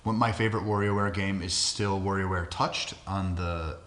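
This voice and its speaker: Blunt low-voiced man chatting games. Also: steady tone, moderate pace, fairly bright tone. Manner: blunt, opinionated, swears freely. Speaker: podcast co-host. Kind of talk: casual gaming podcast chat.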